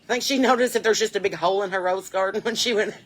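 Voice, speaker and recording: A woman's voice: mid-range voice, fast talker. A woman giving a chatty, folksy, rambling comic monologue to camera, outdoors on her porch. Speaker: comedian and musician.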